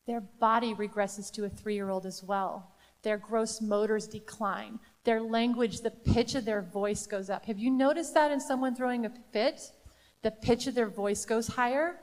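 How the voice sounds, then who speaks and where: A woman presenting a live training to educators, talking emphatically and asking the audience rhetorical questions. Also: a little high. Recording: long hall reverb.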